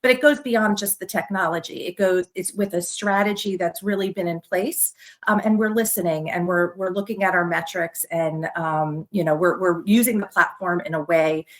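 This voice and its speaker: A woman's voice: lowish voice, moderate pace. A woman speaking as a guest on a panel, upbeat, with many fillers and "you know". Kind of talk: conversational panel talk.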